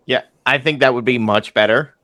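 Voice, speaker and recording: A man hosting an interview podcast, chatty and quick to laugh. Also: mid-range voice, bright, forceful tone, no room sound. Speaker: podcast host, MMA journalist. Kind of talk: casual interview chat.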